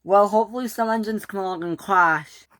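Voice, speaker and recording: A woman's voice: medium pitch, brisk, fairly bright tone, voice pushed up, lightly acted. A woman voicing a scheming male engine with a sly, gleeful manner.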